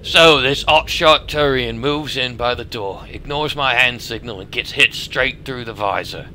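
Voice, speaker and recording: A man doing a gruff Aussie mercenary. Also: mid-range voice, a little slow, bright, forceful tone, slight background noise. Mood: boastful. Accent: put-on Australian. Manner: blunt, swaggering storyteller. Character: gruff male mercenary telling war stories.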